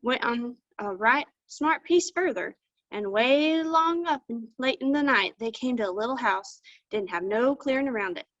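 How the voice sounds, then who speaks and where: A woman's voice: fairly high pitch, lively intonation, normal speed, a bit bright, no room sound. A woman storyteller telling a folktale with folksy country phrasing over a video call. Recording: dull lo-fi dry sound.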